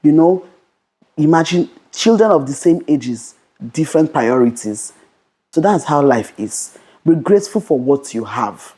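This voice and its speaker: A young adult woman vlogger giving a fast, bold motivational Christian talk to camera, often repeating "okay". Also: low-pitched, expressive, warm tone, breathy edge.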